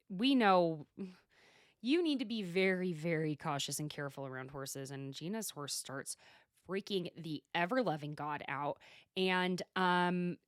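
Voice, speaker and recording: A woman's voice: lowish voice, a bit bright, no echo, clean studio sound. A woman hosting a solo podcast, recapping a reality show in a chatty, sarcastic, gossipy way. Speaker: podcast host.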